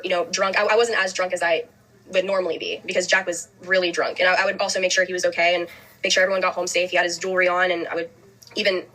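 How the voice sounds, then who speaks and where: A young woman, a guest in an interview, telling a personal story in a fast, halting way full of "like" fillers. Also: fairly low pitch, a bit bright, low-quality recording. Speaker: podcast guest.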